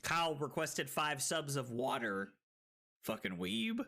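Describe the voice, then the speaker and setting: A tipsy man streaming a card game, talking slowly at times, then bursting into loud whoops and giggles. His voice is bright and sharp, and his pitch swings widely. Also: gravelly. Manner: excitable, loud outbursts and giggly laughter. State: tipsy from drinking. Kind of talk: live stream gameplay commentary.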